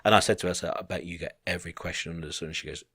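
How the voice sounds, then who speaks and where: A man's voice: low voice, rapid-fire, slightly rough. A man co-hosting a podcast, telling a long anecdote in casual chat, acting out people as he goes and swearing freely. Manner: animated, acts out the people in his stories, swears freely. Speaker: podcast co-host.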